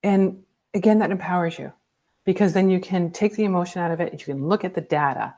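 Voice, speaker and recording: A woman's voice: on the low side, quick pace, mellow. A woman speaking as a guest in a candid conversation, blunt and emphatic, swearing freely. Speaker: guest, cancer survivor.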